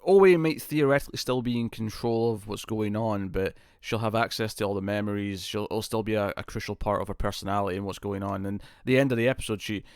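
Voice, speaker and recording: A man's voice: on the low side, quick pace, few pauses, a little mellow, clean tone, no room sound, studio quality. A man with a British accent chatting casually as co-host of a TV review show, rambling and acting out scenes. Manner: rambling, acts out characters' lines with laughs. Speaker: podcast co-host.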